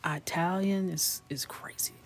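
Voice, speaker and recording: A woman's voice: on the low side, fairly even intonation, measured pace, a little hiss or hum. A woman hosting a coloring livestream, chatting casually, laughing and reacting to viewers' comments. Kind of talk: casual chat while coloring.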